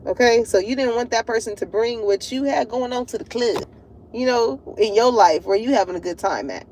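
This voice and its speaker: A woman with a high voice gives a casual tarot reading straight to her viewers. Her delivery is animated and full of slang, and laughter keeps breaking through. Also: fairly quick, slight background noise. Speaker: tarot reader.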